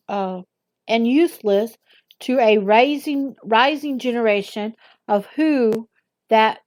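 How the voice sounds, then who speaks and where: A woman with a fairly high voice reads aloud at a slow, halting pace, tripping over words and restarting them. She breaks off now and then for quicker offhand remarks. The sound is dry and close. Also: darkish tone, no room sound. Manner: stumbles over words, stops to comment. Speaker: artist reading aloud. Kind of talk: halting read-aloud with asides.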